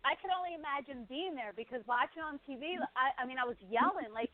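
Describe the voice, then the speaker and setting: A woman's voice: high-pitched, animated, fast. A woman co-hosting a boxing show, giving blunt and opinionated fight takes in casual chat. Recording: tinny phone-like sound.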